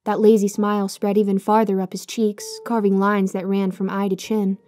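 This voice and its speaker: A woman giving scripted horror story narration in a measured, hushed, suspenseful way. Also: medium pitch, flat delivery.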